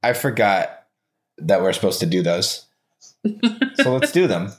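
A man's voice: sits low, sing-song, unhurried. A man chatting as a guest on a podcast, playful and teasing, inventing fake facts with a straight face. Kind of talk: casual chat.

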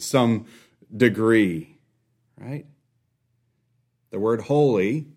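Slow, deliberate preaching man. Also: mid-range voice. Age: young adult or middle-aged, a father. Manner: deliberate, with long dramatic pauses and drops to a hush. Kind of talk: sermon.

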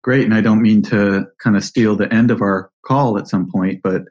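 Low-voiced male podcast host. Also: fairly even intonation, normal speed, a little mellow. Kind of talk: interview questions.

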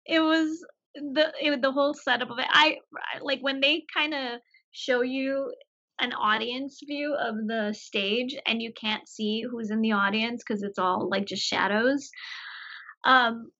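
A woman co-hosting a casual movie podcast, enthusiastic and quick to laugh. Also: fairly high pitch, fairly even intonation, bright, forceful tone. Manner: giggly, enthusiastic, laughs often. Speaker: podcast co-host. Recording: dull lo-fi audio.

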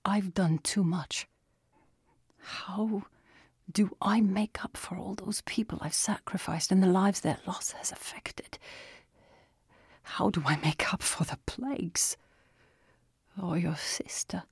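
Tired cursed man, all hushed and resigned, slow and husky, as a woman narrator puts him on. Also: on the high side, fairly even intonation, no echo, studio quality, full character voice. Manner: quiet, whispered, resigned. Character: weary cursed older man, remorseful.

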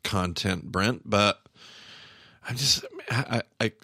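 A man's voice: fairly low pitch, takes it slowly, pushed and bright, breathy edge, no echo, studio quality. A middle-aged man hosting a podcast, talking in a rambling casual way with many restarts and quoted asides. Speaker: podcast host. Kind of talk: casual podcast review chat. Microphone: remote call microphone.

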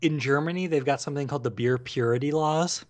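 A man's voice: on the high side, fast talker. Man from Wisconsin, chatty and explaining. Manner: explanatory, steering the talk. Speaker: podcast co-host. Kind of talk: casual chat.

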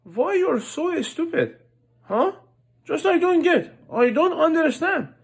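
A man's voice: extremely high pitch, very animated, slow, gravelly, full character voice. A comedian doing an exaggerated Persian-accented immigrant man, ranting in broken English with blunt insults. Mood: exasperated ranting. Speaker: amateur comedian. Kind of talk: comic rant to camera.

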